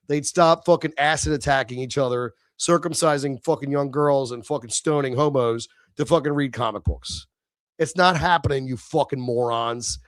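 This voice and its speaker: A man's voice: fairly high pitch, dry recording, studio quality. A middle-aged man hosting a livestream, venting in a heated, profane, sneering rant. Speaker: livestream host. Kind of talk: ranting livestream monologue.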